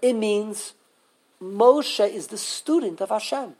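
Taking things slowly, a high-voiced man teaches Torah to a live class. He asks the students many questions with animated energy and frequently restarts sentences.

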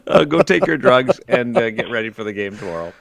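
A man's voice: mid-range voice, lively intonation, quick pace, vocal fry, no room sound. Joking man hosting sports radio. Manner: joking, laughing, easygoing. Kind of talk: casual sports radio banter.

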